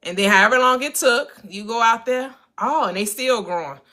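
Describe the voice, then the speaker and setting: A woman in a casual faith-based discussion, earnest and preacherly, slowing down for emphasis. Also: a little high, pushed and bright.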